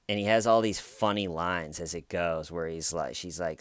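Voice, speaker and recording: A man's voice: low voice, moderate pace, no echo. A man hosting casual true-crime commentary, sarcastic and profane, mimicking the people he talks about. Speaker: commentary channel host.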